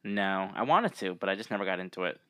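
A man with a lowish voice in relaxed podcast chat. He reads out trivia in a laid-back way and laughs easily. The recording is dry and close. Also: quick pace, no room sound. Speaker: podcast co-host. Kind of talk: casual chat.

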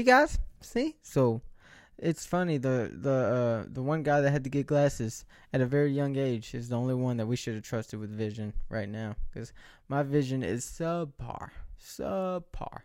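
Speaking a little fast with few pauses, this man in his late twenties keeps a fairly even intonation while joking about himself in a rambling vlog full of restarts. His mid-range voice is smooth and darkish, recorded dry at studio quality indoors under bright lights.

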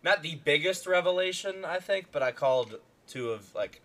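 A man's voice: on the high side, animated, moderate pace, fairly bright tone. A young man chatting casually about a movie, rambling with lots of fillers and restarts.

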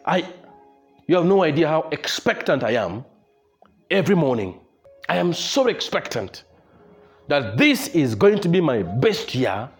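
A man preaching a sermon as pastor, repeating his points emphatically and leading the congregation in prayer. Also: fairly high pitch. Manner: emphatic, repetitive exhortation, leads congregation in prayer. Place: church service with congregation.

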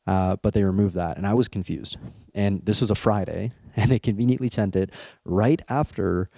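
A young man from Canada, casually telling a personal story in a candid way, laughing often and repeating words when he gets excited. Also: on the low side, moderate pace, gravelly, no room sound, studio quality.

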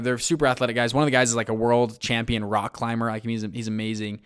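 A man telling a story in a casual interview, lively, with lots of fillers and restarts and acted-out quotes. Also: mid-range voice, fast, clear, resonant tone. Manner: animated, many fillers and restarts, acts out quotes. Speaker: guest recounting a search-and-rescue story.

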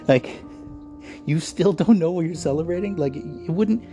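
A man's voice: a little high, mellow. A man from Virginia hosting a solo podcast, ranting in a heated, sarcastic, profane way. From United States (Virginia). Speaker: podcast host.

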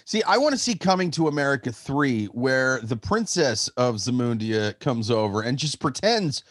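A man's voice: medium pitch, big pitch swings, moderate pace, dry recording, studio quality. Man riffing absurd comedy bits. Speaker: podcast co-host. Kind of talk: casual comedic banter.

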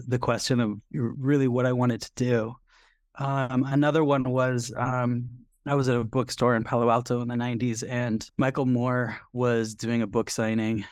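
Man, forties, from seattle, director guest, animated storyteller, smooth clear voice, dry close sound. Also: mid-range voice, no echo. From Seattle, USA. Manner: animated storyteller, acts out quotes. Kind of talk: casual interview storytelling.

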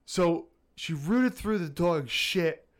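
A man's voice: fairly high pitch, slow. Profane man telling a story. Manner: profane, animated anecdote-telling. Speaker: podcast co-host. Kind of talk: casual storytelling chat.

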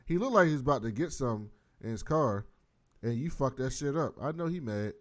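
A man's voice: medium pitch, animated, fairly quick. A man casually recapping a TV episode, profane and laid-back, acting out the characters' lines as he goes. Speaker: podcast host.

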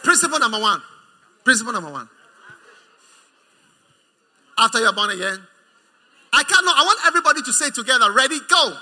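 Ghanaian pastor preaching, teasing and emphatic, very high and lively voice. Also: male voice, fast. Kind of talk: sermon.

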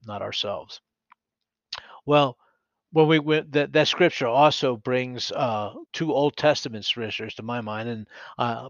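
A man teaching scripture on a podcast, earnest and animated, reading verses aloud and sometimes restarting his sentences with a self-deprecating humor. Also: medium pitch, dry recording. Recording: dry, slightly dull recording.

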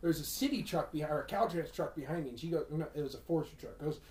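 Young man, podcast co-host, quick and rowdy, slightly high voice, roomy echo. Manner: rowdy, swears a lot, acts out quotes loudly. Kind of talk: casual chat.

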